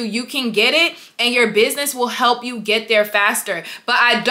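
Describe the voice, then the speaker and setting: With a fairly high, pushed, bright voice, a young woman who owns a business talks to her vlog viewers. Her motivational encouragement is emphatic and full of repetition, and she calls them y'all.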